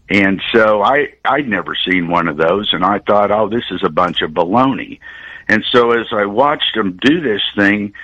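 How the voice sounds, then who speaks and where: A man's voice: deep voice, sharp tone, dry recording. Older man on a dull phone line. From Oklahoma, USA. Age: 60s. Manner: earnest, rambling retelling with halting restarts. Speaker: radio caller. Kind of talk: call-in storytelling. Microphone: telephone.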